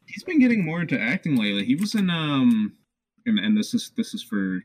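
A man co-hosting a casual podcast, lively and quick to laugh. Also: mid-range voice, slight background noise. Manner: laughs easily, lively, jokey. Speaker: podcast co-host. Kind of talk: casual chat.

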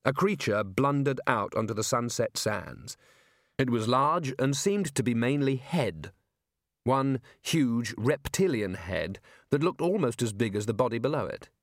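A man reading an audiobook in a wry, measured storytelling manner. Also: medium pitch, animated, no room sound, studio quality. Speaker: audiobook narrator. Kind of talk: scripted audiobook narration.

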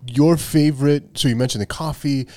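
A man hosting a podcast in relaxed, conversational chat, asking questions. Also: on the high side, moderate pace, no room sound. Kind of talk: casual chat.

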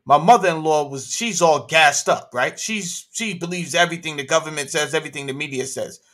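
Forceful, fired-up New man. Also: on the high side, brisk. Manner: emphatic, slangy, rhetorical questions. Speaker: livestream host. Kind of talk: animated opinion talk.

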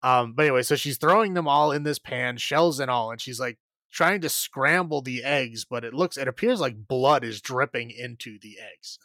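A man recaps a film for a podcast in a loose, rambling way, laughing often and filling pauses with fillers. His pitch sits mid-range, and the close, dry mic gives no room sound. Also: pushed and bright, no room sound. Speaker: podcast co-host. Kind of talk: casual movie recap chat.

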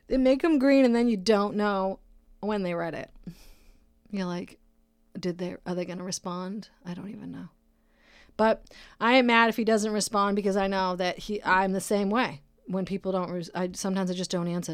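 A woman's voice: medium pitch, clean tone, no echo, studio quality. Rambling, foul-mouthed woman podcaster. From Brockton, Massachusetts, USA. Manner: rambling, profane and jokey. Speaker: podcast host; nurse. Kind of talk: casual solo podcast chat.

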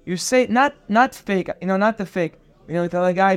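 Male Torah teacher, high voice, earnest and emphatic lecture delivery, drops in Hebrew terms. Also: moderate pace, clean tone. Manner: earnest, emphatic, repeats phrases for stress. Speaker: rabbi teaching a daily Torah class.

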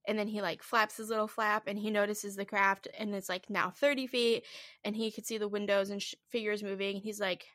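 A woman's voice: mid-range voice, flat delivery, a little fast, fairly bright tone, no echo, studio quality. A woman co-hosting a podcast, telling a spooky story in a loose, casual way, full of "like"s and swearing. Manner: loose retelling with many "like"s and swearing. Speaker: podcast co-host.

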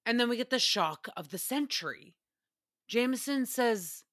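A woman hosts a podcast with a bright, sharp voice pitched a bit high. She talks casually and swears freely, keeping her storytelling animated. The sound is dry and close. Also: normal speed, dry recording. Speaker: podcast host.

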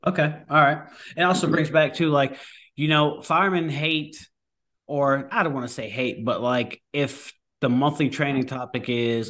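A firefighter talks casually as a podcast guest and rambles through his points with restarts. His voice is bright and forward, at a middle pitch. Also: fairly even intonation, moderate pace. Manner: rambling, many fillers and restarts. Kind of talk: casual conversation.

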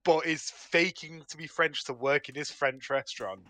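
Easygoing young guy, bright voice, dry close sound. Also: on the high side, moderate pace, no room sound. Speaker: podcast co-host. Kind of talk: casual film chat.

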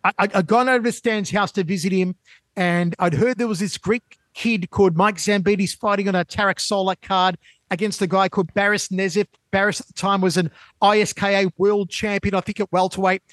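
A man co-hosting a sports show, telling stories in an animated way with fast bursts of speech. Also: sits high, no room sound. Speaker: show co-host and interviewer. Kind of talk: casual sports show chat.

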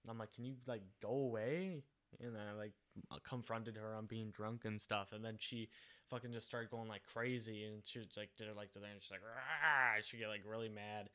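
A young man in relaxed conversation, hesitating and restarting often. His tone is plain and low-key, with curse words dropped casually. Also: a little fast, clean tone. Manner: hesitant, many fillers, swearing. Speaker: guest. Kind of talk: casual chat.

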